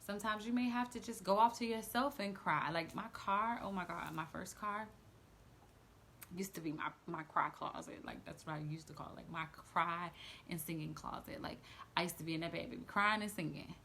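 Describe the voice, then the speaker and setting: A woman's voice: fairly low pitch, moderate pace, creaky, a bit bright, slight background noise. A woman sharing her faith testimony in an earnest, chatty vlog, full of casual fillers and close to tears at times.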